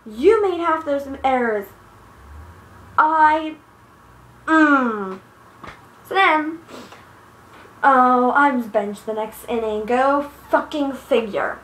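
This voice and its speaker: Teen girl, high-pitched, swearing and exasperated, recorded in an echoey room. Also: a bit bright. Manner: profane, exasperated, rambling. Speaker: vlogger. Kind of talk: angry personal rant. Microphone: iPod built-in mic.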